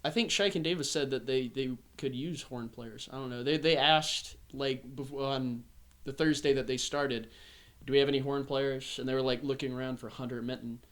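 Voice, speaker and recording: A young man from the American South hosting a podcast, telling a story in a casual, animated way. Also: mid-range voice, normal speed. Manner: animated storyteller, acts out voices. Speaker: podcast host. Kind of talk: casual chat.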